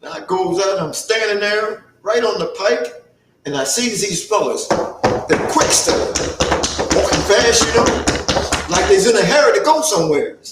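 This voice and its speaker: A storyteller playing an earnest, plainspoken young farmhand turned soldier, spinning his tale in a folksy dialect. His voice sits fairly high and moves slowly, taking its time over each memory. It sounds roomy and a little distant from the mic. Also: lively intonation, background noise. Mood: reminiscing. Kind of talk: first-person historical storytelling in character.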